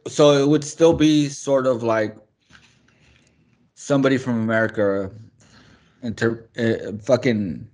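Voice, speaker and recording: A man's voice: mid-range voice, measured pace, long pauses, a little mellow. A man in casual podcast chat, curious and swearing casually.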